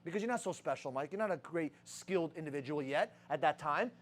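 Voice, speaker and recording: High-pitched swearing young sales boss. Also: male voice, lively intonation, fast, slight background noise. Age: young adult. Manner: rhetorical questions, heavy swearing. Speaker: sales team leader. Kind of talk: profane motivational sales talk.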